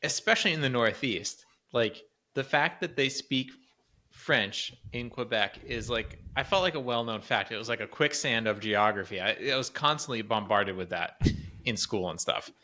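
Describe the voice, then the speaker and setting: A man's voice: medium pitch, animated, moderate pace, pushed and bright. A man co-hosting a podcast, telling a rambling travel story in casual chat, laughing often. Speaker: podcast co-host.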